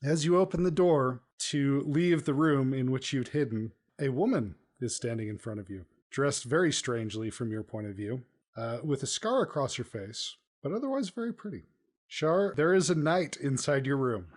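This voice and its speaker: A man's voice: medium pitch, animated, normal speed. A man acting as game master of a podcast tabletop game, describing scenes in an easygoing way.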